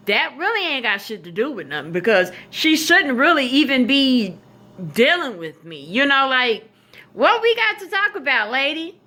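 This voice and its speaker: A woman telling a personal story on a vlog, animated, casual and profane. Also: medium pitch. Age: adult. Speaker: vlogger.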